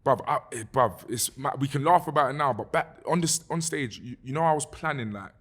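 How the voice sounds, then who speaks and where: A young man with a London accent tells his story in a loose, animated podcast chat. He swears freely and keeps dropping "bruv" as he goes. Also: mid-range voice, brisk. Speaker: guest musician.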